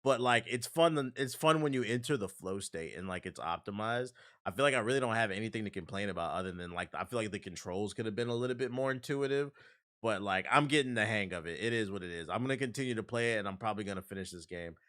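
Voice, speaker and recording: A male game streamer giving casual gaming commentary, excitable and profane, with loud outbursts. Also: fairly low pitch, quick pace. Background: game music.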